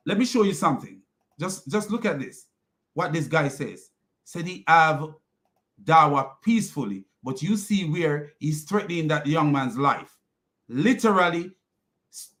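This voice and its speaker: A man's voice: a little high, fairly bright tone. A man giving a heated, mocking commentary, laughing often and repeating himself. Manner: heated, repetitive. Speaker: online commentator. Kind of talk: casual ranting commentary.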